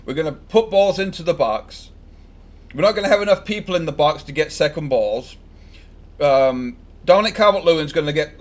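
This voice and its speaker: A man chatting casually and joking while commenting live on a football match he is watching for his stream. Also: on the high side. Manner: chatty, joking, fan-biased predictions.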